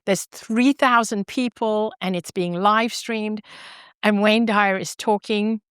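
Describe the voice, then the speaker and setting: A middle-aged woman guest on a podcast, telling her story in an animated, expressive way and laughing easily. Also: mid-range voice, takes it slowly, smooth, no room sound, studio quality. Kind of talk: storytelling in an interview.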